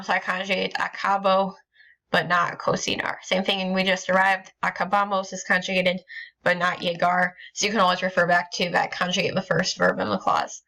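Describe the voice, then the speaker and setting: A woman's voice: mid-range voice, bright, forceful tone. A woman teacher explaining grammar step by step in a recorded lesson, with frequent ums and small restarts. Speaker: Spanish teacher.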